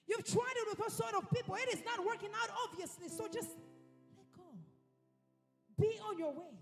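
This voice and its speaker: Woman preacher, very high voice, emphatic repetitions, reverberant hall. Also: quick pace. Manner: emphatic, repeats phrases for effect. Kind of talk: sermon. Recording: reverberant hall with faint music.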